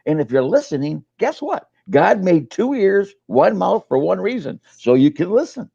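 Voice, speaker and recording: Gravelly folksy older man. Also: high-pitched, very animated, moderate pace, mellow, no room sound, dull audio. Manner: folksy storyteller, repeats words, uses fillers. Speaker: sales coach and co-host. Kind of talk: casual webinar chat.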